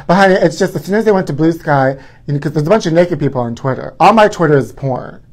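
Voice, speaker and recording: A man's voice: fairly high pitch, expressive, fast. A man hosting a live stream, chatting in a campy, gossipy way and calling his viewers honey. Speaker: livestream host.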